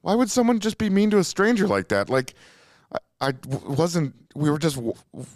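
A man hosting a casual podcast, telling a story with lots of swearing. His pitch rises and falls a lot as he acts out what people said. The sound is close and dry, with no room around it. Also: normal speed, no room sound. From Minnesota. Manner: animated, profane, jumps into acted-out quotes. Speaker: podcast host.

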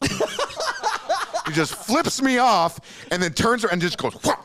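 A man hosting a casual podcast, telling a story with lots of swearing. His pitch rises and falls a lot as he acts out what people said. The sound is close and dry, with no room around it. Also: slow, no echo. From Minnesota. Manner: animated, profane, jumps into acted-out quotes. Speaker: podcast host.

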